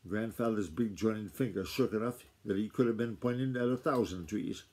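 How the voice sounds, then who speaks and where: Mellow husky dad reading aloud. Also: male voice, lowish voice. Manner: steady unhurried read-aloud. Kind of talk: reading a novel aloud to his child.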